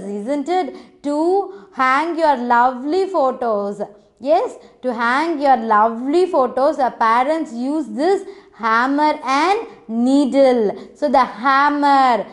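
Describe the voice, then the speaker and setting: A woman's voice: sits high, animated, slow pace. A woman teaching children phonics, coaxing them and repeating each word for them to say back.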